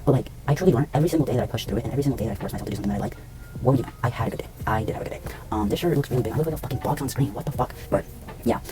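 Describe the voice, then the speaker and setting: A man's voice: mid-range voice, animated, very fast, over music. A young man vlogging to camera indoors at home, rambling and swearing, with lots of fillers and restarts. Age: young adult. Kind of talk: casual rambling talk to camera.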